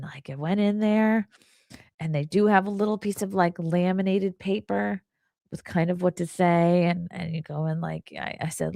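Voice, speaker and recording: A woman hosts a casual livestream, rambling through a story with constant "like" and earnest, confiding asides. Her voice sits fairly low with a gravelly, creaky edge. The sound is dry and close, with little room echo. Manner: rambling and chatty, heavy use of "like". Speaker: livestream host. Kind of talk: casual livestream chat, reading viewer comments.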